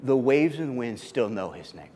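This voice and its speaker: A man's voice: moderate pace, long reverb tail, a little hiss or hum. A pastor preaching a sermon, telling the story with animation and often repeating his words. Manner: animated storytelling, repeats words, pitch climbs when excited. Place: church sanctuary.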